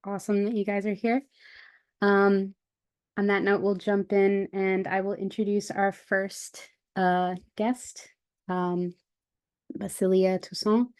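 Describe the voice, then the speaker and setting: A woman hosts a workshop on a video call and opens the session. She talks slowly, in a flat, even voice, and pauses often with ums. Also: mid-range voice, clean tone. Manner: relaxed, hesitant, frequent ums. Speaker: workshop host. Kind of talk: casual workshop introduction.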